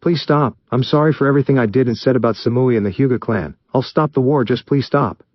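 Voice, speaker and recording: A man's voice: fairly low pitch, lively intonation, a little fast, no room sound, dull audio. A man voicing an arrogant, hot-tempered male warlord with a raised, defiant voice. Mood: begging. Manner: arrogant, defiant, pleading when beaten.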